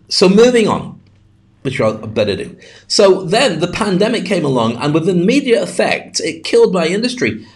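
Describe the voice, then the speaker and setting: Middle-aged male podcast host, fast-talking and jokey, slightly higher voice. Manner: chatty, jokey, talks fast with asides. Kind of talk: solo podcast monologue. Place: home studio.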